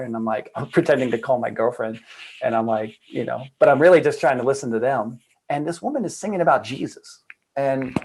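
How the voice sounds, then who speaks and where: A man, a guest on a video call, telling a personal story in a lively, casual way full of "like" and acted-out quotes. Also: mid-range voice, a little hiss or hum, poor audio. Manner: animated storyteller, acts out quoted voices, many "like" fillers. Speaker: guest, trauma and addiction coach. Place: home room at a computer.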